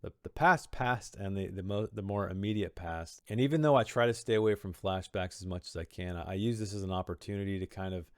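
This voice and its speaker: A man's voice: deep voice, fairly quick, few pauses, a little mellow, no echo, clean studio sound. A man talking through a story he wrote, explaining his choices in a thoughtful, rambling way with many restarts. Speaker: author discussing his own story. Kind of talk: reflective commentary on his own writing.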